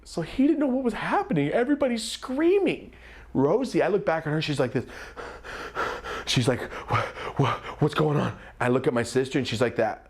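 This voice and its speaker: A young man telling a comedic story time, animated and acting out the voices of the people in it. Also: a little high, normal speed. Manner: animated, acts out quoted voices.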